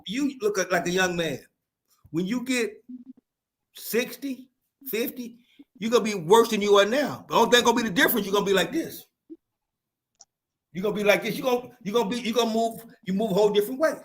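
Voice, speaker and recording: A man's voice: sits high, brisk, long pauses. An older man from the American South with a Southern accent, rambling through stories on a casual panel and often saying "hold up, man.". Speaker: panel guest, Marine veteran.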